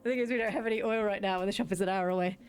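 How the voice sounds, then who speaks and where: A woman's voice: medium pitch, fairly even intonation, rapid-fire. A woman chatting and rambling through a game playthrough, often correcting herself and laughing. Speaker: streamer. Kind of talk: let's play commentary.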